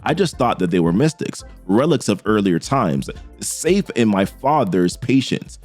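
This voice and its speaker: Played out by a man reading a comic aloud, a stern hero king speaks in slow, deliberate, grave lines. The pitch moves in a lively way, with faint music behind.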